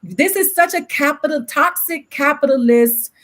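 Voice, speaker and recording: A woman's voice: high-pitched, moderate pace, fairly bright tone. A woman from Miami, a panel guest, speaking with fiery emphasis and piling up rhetorical questions. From Miami, Florida. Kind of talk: impassioned panel discussion.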